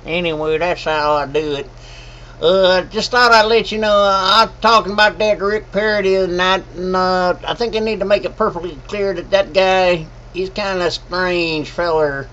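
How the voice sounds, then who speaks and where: A man's voice: sits high, fairly even intonation, normal speed, pushed and bright, a little hiss or hum. A man playing a folksy rural rancher who rambles with hesitant filler. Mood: rambling. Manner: drawling, rambling, folksy slang. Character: folksy rural old rancher chewing tobacco. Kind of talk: comedic monologue. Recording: dull lo-fi sound.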